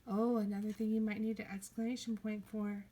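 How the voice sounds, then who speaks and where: A woman teaching a kindergarten reading lesson, playful, slipping into high excited cries and soft whispers. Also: brisk, husky.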